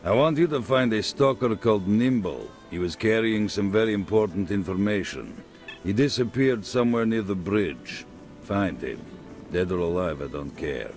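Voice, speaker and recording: A man playing a gruff trader in a video game, deep and low-pitched, dismissive and curt, with a lively rise and fall to his lines. Soft music plays behind him. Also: normal speed, lightly acted. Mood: brusque. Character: gruff middle-aged male trader.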